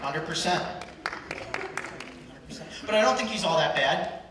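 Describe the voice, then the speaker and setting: A young man in his twenties does live stand-up, punchy and ironic, working the crowd. His voice sits a bit high for a man. It rings through a very echoey hall, heard from well off the mic, with a lively crowd and steady noise behind him. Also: fairly quick, far from the mic. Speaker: stand-up comedian. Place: large hall at a live culture show. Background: audience reactions and hall ambience.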